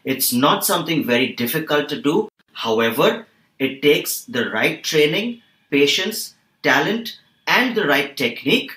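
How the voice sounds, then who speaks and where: A man working as a voice and accent trainer, explaining calmly and steadily in a podcast interview. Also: a little high, roomy sound, rough recording. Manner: calm, measured explainer.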